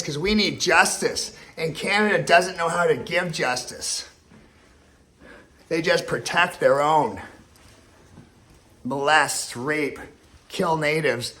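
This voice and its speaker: A man's voice: fairly high pitch, pushed and bright. A man talking alone to camera in a rambling, emotional rant, swearing often and repeating himself. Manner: rambling, profane, emotional and repetitive. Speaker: vlogger. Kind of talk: ranting monologue to camera.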